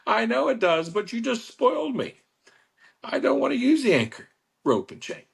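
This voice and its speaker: A man's voice: very animated, slow pace, gravelly, slightly rough, exaggerated voice. A man putting on a whiny, spoiled boat club member. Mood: sheepish. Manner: whiny, pleading, high-pitched.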